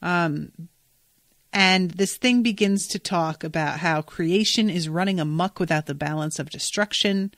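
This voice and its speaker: A woman's voice: fairly low pitch, measured pace, fairly bright tone, no echo. A woman hosting a podcast, recapping a book in a chatty way and swearing freely. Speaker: podcast host.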